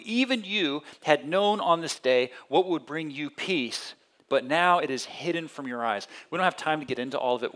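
A man delivering a conversational sermon, often restarting phrases and swinging from loud, high emphasis to low, quiet tones. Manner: conversational preaching with many restarts and sudden rises in pitch and volume. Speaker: pastor.

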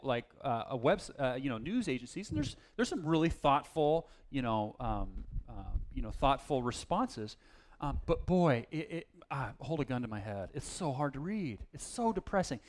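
A man preaching a casual, self-deprecating sermon, with plenty of fillers and restarts. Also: on the high side. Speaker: pastor.

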